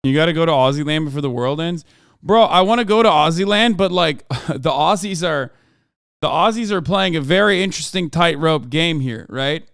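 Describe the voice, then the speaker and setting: A man in his thirties hosting a live-stream, reacting to news clips in a loose, profane, excitable way with laughing asides. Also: on the high side, moderate pace, clean tone, dry recording, studio quality.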